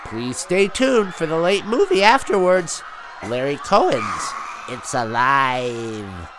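A man putting on a gleeful, grotesque horror-host emcee voice, with a theatrical, shouting delivery. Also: mid-range voice, lively intonation, slow, background noise. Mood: gleeful ghoulish. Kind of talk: comic horror-host monologue.

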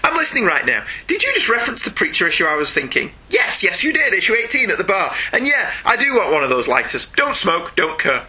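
Guy reading out listener mail, bouncy pitch, really bright husky voice, joking around. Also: poor audio. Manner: playful, laughs often, reads mail aloud. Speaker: podcast co-host reading listener email. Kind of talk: casual chat.

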